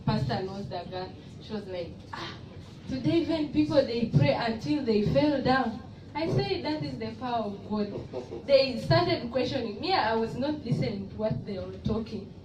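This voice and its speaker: A woman giving an earnest, soft-spoken testimony at a church service. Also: a little high. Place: church hall in Abu Dhabi. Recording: echoey hall, mic far off, noisy.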